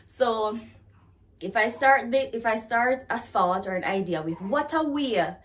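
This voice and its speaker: Jamaican woman, patois teacher, casual lesson, slow-paced, higher voice. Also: a bit bright. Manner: chatty, laughs at herself, slow deliberate phrasing.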